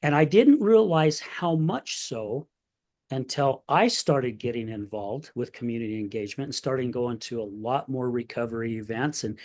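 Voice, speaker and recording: An emotional man tells his story candidly on a podcast. His voice sits at an ordinary middle pitch. He talks in a loose, conversational way. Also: normal speed, a little mellow. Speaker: podcast host. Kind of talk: casual conversation.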